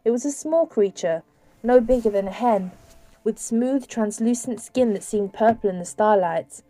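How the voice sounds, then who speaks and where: A woman narrating an audiobook in a measured, steady storytelling voice, recorded close on a studio mic. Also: on the high side.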